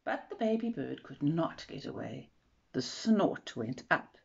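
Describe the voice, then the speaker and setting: Woman storyteller for a kids' picture book, unhurried and expressive, muffled low-fi sound. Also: vocal fry, a little hiss or hum. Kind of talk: children's storybook read-aloud. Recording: dull lo-fi recording.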